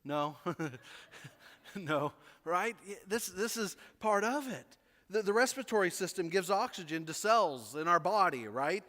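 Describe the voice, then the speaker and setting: A man preaching a sermon as pastor, animated, often repeating words and asking the congregation questions. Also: sits high, a little slow, big-room sound. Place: church sanctuary.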